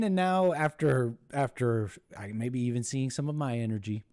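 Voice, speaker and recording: Dark-toned and mid-range, the voice belongs to an American man hosting a live call-in show, recorded cleanly in the studio with no room sound. His scornful, wandering monologue features put-on voices for quoted people, and he laughs and restarts constantly as he halts along.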